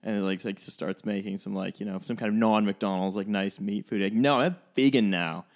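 A man's voice: lowish voice, little pitch movement, fairly quick, creaky, a little mellow. A man on a podcast riffing sardonically and rambling through his points with lots of fillers. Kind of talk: casual podcast banter.

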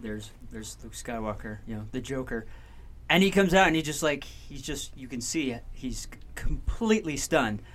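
A man's voice: mid-range voice, expressive, moderate pace, fairly bright tone. Easygoing male interviewer. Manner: affirming, chimes in often with short agreements. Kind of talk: casual interview chat.

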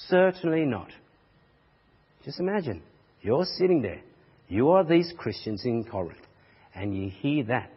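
A man's voice: medium pitch, breathy edge. A man preaching a sermon in an emphatic, repetitive rhetorical style, recorded with muffled sound and a long echo. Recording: muffled audio with long hall reverb.

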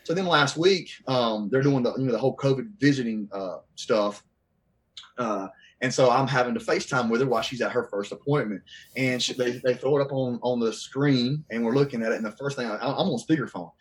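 Podcast guest, man, 30s, from the Southern US, lively storyteller who acts out quotes. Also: medium pitch, a little fast. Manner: animated, acts out quoted voices. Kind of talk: casual storytelling.

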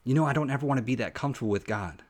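A man's voice: medium pitch, very fast, a little mellow. A man hosting a devotional podcast, preaching in an earnest, heartfelt, personal way and often restarting his sentences. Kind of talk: conversational sermon.

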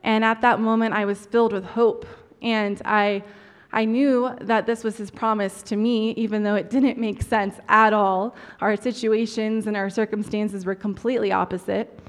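A woman in her thirties giving an earnest personal testimony, her voice dropping soft at the heavy moments. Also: medium pitch, little pitch movement, normal speed. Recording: long hall reverb.

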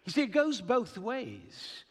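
A man's voice: extremely high pitch, huge pitch swings, slow pace, a bit bright, husky, in a large hall. A middle-aged man from Western Kentucky with a Southern accent, preaching a sermon in an earnest, conversational way with asides. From Western Kentucky / Southern Illinois. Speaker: pastor.

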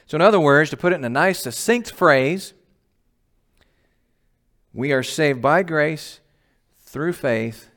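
Man, pastor, sermon, mid-pitched voice, conversational, emphatic, asks questions, laughs at himself. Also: a bit bright.

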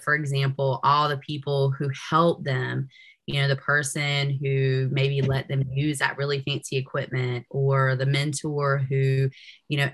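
A woman's voice: very deep voice, fairly bright tone. A woman researcher talking as a podcast guest in easy conversation, often filling with "you know". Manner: chatty, peppers speech with "you know". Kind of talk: casual interview chat.

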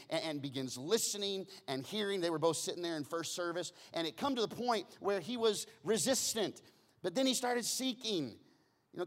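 A male pastor delivering a sermon in a fairly high voice. He tells stories with animated energy, falling quiet for tender moments and rising loud at the high points, often repeating words as he gets going. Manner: animated storytelling, acting out quoted voices, swings from hushed to loud; repeats words when starting phrases.

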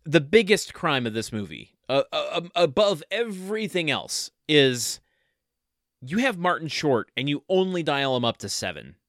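A man's voice: on the high side, sing-song, moderate pace, a bit bright, no room sound. A man co-hosting a podcast in casual chat, making dry joking asides between hesitant fillers. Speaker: podcast co-host.

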